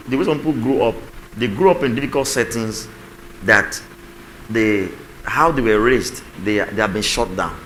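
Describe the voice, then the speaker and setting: A man's voice: on the low side, fairly bright tone, a little hiss or hum, poor audio. A male pastor preaching a sermon on marriage communication to a congregation, acting out spouses' lines and calling on the listeners to repeat after him. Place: church.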